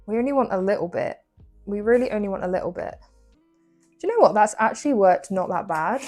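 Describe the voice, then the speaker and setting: Young woman, English accent, chatty home baking vlog, self-mocking, soft music behind. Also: medium pitch. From England. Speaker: baking vlogger. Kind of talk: casual chat while baking. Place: home kitchen.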